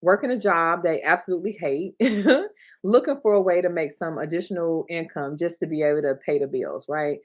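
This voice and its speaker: This notary signing agent trainer, a Michigan woman in her 30s to 40s, hosts a relaxed livestream and speaks in a lowish voice at a moderate pace. She's warm and chatty with her viewers, talks to the chat, laughs a lot and can get emotional.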